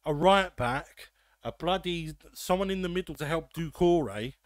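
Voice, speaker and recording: A man's voice: on the high side, lively intonation, dry recording. Podcast host, man, ranty and sweary, dry close sound. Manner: ranting, swearing, quick asides. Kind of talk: casual football chat.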